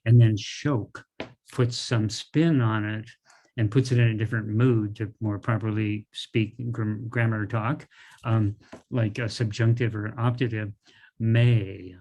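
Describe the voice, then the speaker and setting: A middle-aged man teaching a language class in a relaxed, informal way, going over words slowly and often checking in with "right?" and "okay". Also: on the low side, a little hiss or hum.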